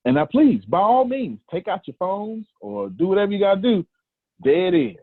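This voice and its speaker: A man leads a lively group coaching session over a video call, emphatic, preachy and slangy, teasing his listeners along the way. His high-pitched voice is husky and sing-song at a moderate pace. The call audio sounds tinny and dry, without echo.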